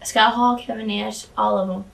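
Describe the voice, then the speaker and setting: A woman's voice: medium pitch, fairly even intonation, moderate pace, gravelly, recorded from a distance. A woman guest in a casual interview, chatty and candid, often restarting her sentences and swearing freely. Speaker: former wrestling valet, interview guest.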